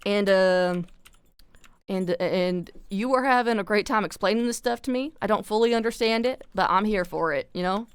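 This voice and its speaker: A woman live streamer chatting casually, rambling excitedly and swearing freely. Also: mid-range voice, fairly quick, clear, resonant tone, no room sound. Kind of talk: casual chat.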